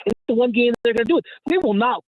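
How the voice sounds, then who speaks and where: A man co-hosting sports talk radio, emphatic and stirring things up. His voice runs high and comes through thin and phone-like, with no room in it. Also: expressive, fast talker, dry recording. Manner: emphatic, pushing for angry callers. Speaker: radio co-host. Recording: tinny narrow-band line.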